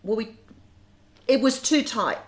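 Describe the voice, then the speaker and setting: A middle-aged Australian woman in casual chat, talking in a lively, chatty way and often restarting her sentences. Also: a little high, measured pace. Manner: chatty, repeats words when restarting. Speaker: guest, bed and breakfast owner.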